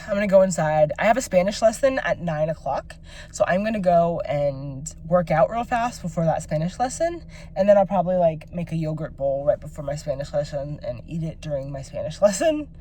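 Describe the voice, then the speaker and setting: A woman's voice: low voice, expressive, a little fast, mellow, slight background noise. A woman vlogging to her phone, venting at length in a rambling, exasperated way with lots of filler words. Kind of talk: personal vlog rant.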